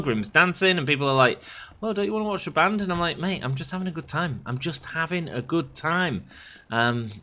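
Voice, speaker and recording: A man in his thirties chats loosely over his gameplay, drifting from one rambling story to the next. His voice is bright and forward, a little under the weather, with a faint hum of noise behind him. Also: medium pitch. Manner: rambling, chatty, oversharing anecdotes. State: sick. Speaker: gaming channel host. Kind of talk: casual let's play commentary.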